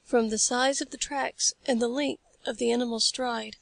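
Gravelly woman reading an audiobook. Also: fairly high pitch, fairly even intonation, moderate pace, no echo. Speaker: audiobook reader. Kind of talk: scripted narration.

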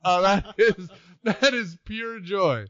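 A man co-hosting a casual movie-review podcast, animated, laughing often and acting out lines from films. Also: high-pitched, slow, no echo, muffled recording. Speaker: podcast co-host.

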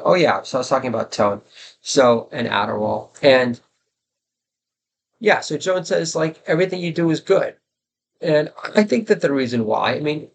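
A man's voice: mid-range voice, vocal fry, a little hiss or hum. A man in his forties hosting his own podcast, telling crude, self-deprecating, meandering stories in a loose solo monologue. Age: 40s. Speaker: podcast host and comedy writer.

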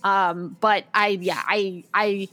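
A woman co-hosting a podcast in casual chat, talking in an animated, enthusiastic way. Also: mid-range voice, slow pace. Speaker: podcast co-host.

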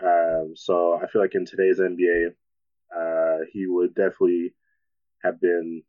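A man's voice: sits low, flat delivery, a little slow. A man in a casual sports podcast chat, talking hesitantly with many fillers. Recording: dull lo-fi audio.

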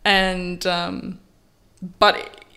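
A woman in casual storytelling, lively, acting out quoted lines with big pitch jumps. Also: extremely slow, creaky. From Australia. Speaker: model, interview guest.

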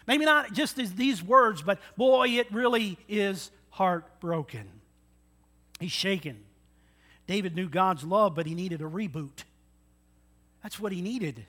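A man's voice: high voice, pushed and bright. A man preaching a sermon, earnest and folksy, often putting questions to the congregation. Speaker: pastor.

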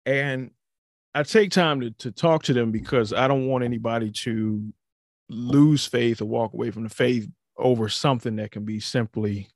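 A man's voice: mid-range voice, normal speed, dry recording. A young adult man hosting a podcast, chatting loosely and rambling with many fillers on a close mic. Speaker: podcast host. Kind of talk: casual chat.

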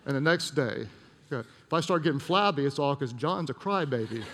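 A male pastor delivers a sermon in a gravelly voice, his words ringing through the long reverb of a large auditorium. He tells a personal story, hammers phrases through repetition, and sinks to a soft, slow voice at the tender moments. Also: a little high, expressive, background noise.

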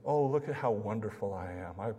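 A man's voice: lowish voice, animated, fairly quick, mellow, husky, big-room sound. A man mocking a smug self-praising woman. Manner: preening, mocking.

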